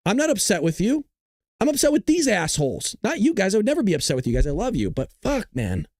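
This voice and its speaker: A man's voice: high voice, darkish tone, no echo, clean studio sound. A male show host ranting to his live-stream viewers, frustrated and full of profanity, talking straight to his audience.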